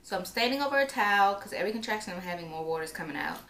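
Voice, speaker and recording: A woman's voice: mid-range voice, expressive, rapid-fire, fairly bright tone. A young woman telling a personal story in a casual, chatty way, with lots of filler words. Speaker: vlogger. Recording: roomy echo, faint background noise.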